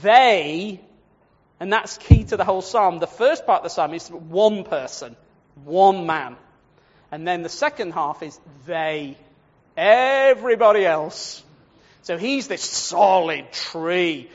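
High-voiced animated preacher in a reverberant hall. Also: male voice. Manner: lively, animated, acts out quoted voices, laughs at his own points. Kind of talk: sermon on the Psalms. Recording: dull lo-fi sound with long hall reverb.

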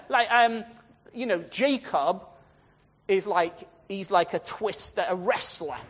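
A man giving a chatty, rambling Bible study talk, often turning to his listeners directly. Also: sits high. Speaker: Bible teacher. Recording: dull, muffled, long hall echo.

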